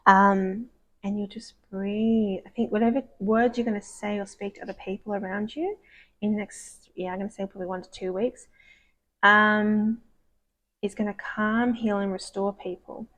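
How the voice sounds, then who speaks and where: A woman giving a casual, rambling tarot card reading, gushing and soft-spoken, sometimes dropping to a whisper. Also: medium pitch, fairly even intonation, moderate pace, dull audio. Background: dogs barking.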